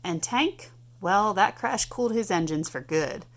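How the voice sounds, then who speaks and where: A woman in her thirties reading a picture book aloud at home to a child, animated and playful. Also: medium pitch, measured pace. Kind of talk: storybook read-aloud.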